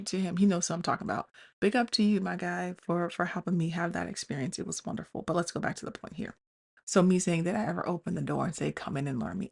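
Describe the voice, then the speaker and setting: A woman talks through her own relationships in a candid, self-questioning monologue. Her voice sits low and carries a gravelly fry, and she keeps circling back and restarting her thoughts as she speaks to her listeners. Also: darkish tone. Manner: addresses listeners as "y'all". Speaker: podcast host.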